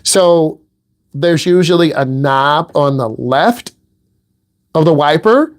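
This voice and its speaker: A man's voice: a little high, animated, slow pace. A middle-aged man from the Midwest giving a driving lesson in a blunt, teasing, direct way. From American Midwest. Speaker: driving instructor. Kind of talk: casual instructional talk.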